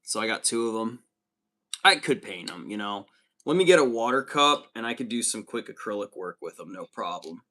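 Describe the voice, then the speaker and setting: An American man hosts a casual livestream, reading chat messages aloud in an upbeat way. His voice is on the low side, expressive and sharp in tone, at normal speed.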